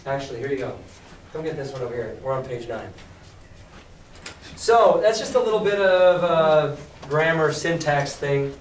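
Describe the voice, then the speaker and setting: A male teacher reading a novel aloud to a class and explaining it in a lively, emphatic way. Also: a little high, normal speed, pauses often, slight background noise. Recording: echoey classroom from far off.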